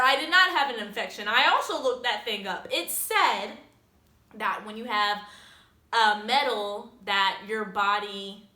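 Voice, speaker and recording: A woman's voice: fairly high pitch, animated, measured pace, pushed and bright. A young woman vlogger telling a casual storytime, chatty and self-mocking, swearing freely and filling her talk with "like". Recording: echoey room.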